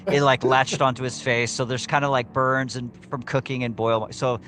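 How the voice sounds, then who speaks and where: A man's voice: mid-range voice, little pitch movement, normal speed, fairly bright tone. Easygoing male player. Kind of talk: casual tabletop play.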